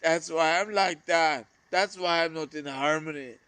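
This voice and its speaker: A man in a halting, emotional monologue to camera, often trailing off mid-sentence. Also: fairly high pitch, bright, forceful tone, smooth, no echo. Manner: halting, trailing off, addressing a lost brother. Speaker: vlogger.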